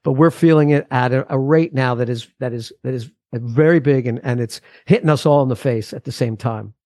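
A man's voice: mid-range voice, brisk, dark tone, no echo, studio quality. A man in his forties, a musician guest on a podcast, talking casually in a rambling, earnest way with frequent restarts.

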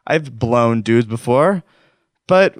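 A man's voice: medium pitch, expressive, takes it slowly, no echo, clean studio sound. A man hosting a comedic call-in show, talking in a rambling, self-deprecating, mock-wounded way.

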